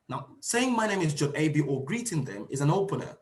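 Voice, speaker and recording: A man's voice: a little high, very animated, brisk. A man giving an emphatic online seminar lecture to teachers, repeating key phrases and acting out example lines. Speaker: teacher trainer. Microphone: video call.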